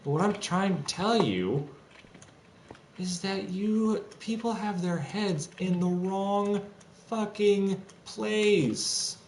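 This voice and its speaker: A man's voice: high-pitched, slow, darkish tone. A young man ranting in an agitated, profane, rambling monologue with frequent restarts, recorded in a home room with faint typing behind. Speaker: streamer. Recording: echoey room, faint background noise.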